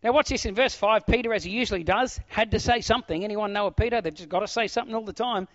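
Animated male preacher, fairly high. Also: fast, no room sound. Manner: animated preaching that swings from loud exclamations to hushed near-whispers. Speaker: pastor. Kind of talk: sermon. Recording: dull, dry lo-fi sound.

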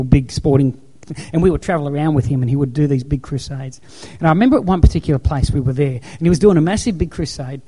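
A man's voice: fairly high pitch, mellow. A man preaching a sermon as pastor, telling stories in an emphatic, repetitive way.

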